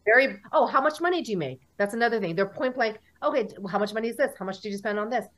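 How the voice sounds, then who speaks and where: With a fairly high pitch and rapid-fire delivery, this American guest in her 40s tells stories during a relaxed interview, vividly performing the dialogue of people she encountered.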